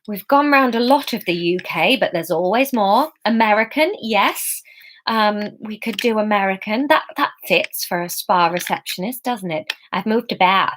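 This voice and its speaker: A woman's voice: mid-range voice, fairly bright tone. A woman reading her own comic novel aloud, breaking off for playful, chatty asides.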